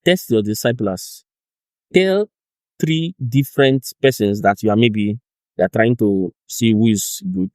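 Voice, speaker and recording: Young nigerian guy teaching, animated, acts out chats, dry close sound. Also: fairly low pitch, unhurried, no room sound. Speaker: discipleship teacher. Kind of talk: informal teaching talk.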